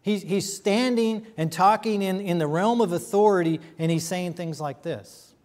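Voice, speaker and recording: A man's voice: sits high, normal speed, darkish tone, big-room sound. A man preaching a sermon as a pastor, emphatic and full of rhetorical questions and repeated phrases.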